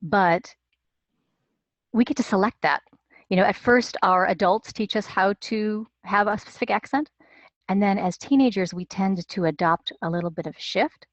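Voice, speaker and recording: A woman dialect coach answers webinar questions in a measured, explanatory manner, pausing on fillers as she thinks. The sound is dry and a little dull. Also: medium pitch, dry recording.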